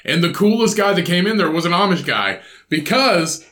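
Male podcast co-host, high animated delivery, joking, recorded in an echoey room. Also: moderate pace. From Indiana. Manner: joking, puts on silly voices. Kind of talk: casual chat.

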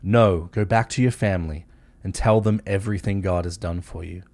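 A man reading aloud the calm words of an authoritative teacher. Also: low voice, normal speed, no room sound.

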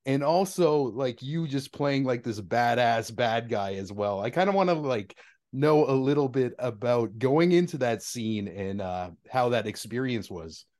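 A man's voice: medium pitch, lively intonation, measured pace, darkish tone. A man hosting a podcast, asking loose questions full of "like" and "um". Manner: loose, filler-heavy questions with "like" and "um". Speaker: podcast host. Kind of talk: casual interview questions.

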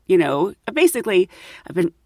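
A woman tells a personal story in an animated, laughing way. Her pitch swings widely as she acts out the moments. The sound is dry and close. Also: normal speed, dry recording. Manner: animated, self-deprecating, laughs often. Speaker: host telling a story. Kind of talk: casual storytelling.

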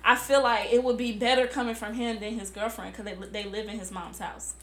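Fast-talking bright woman in an echoey room. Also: on the high side, flat delivery. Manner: quick, chatty, often asks for agreement. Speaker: podcast co-host. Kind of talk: casual chat.

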